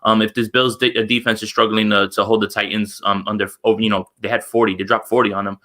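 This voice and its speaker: A man from the United States, a guest on a sports chat, talking in a rapid way with many fillers. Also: on the low side, level tone, bright, forceful tone. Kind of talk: casual chat.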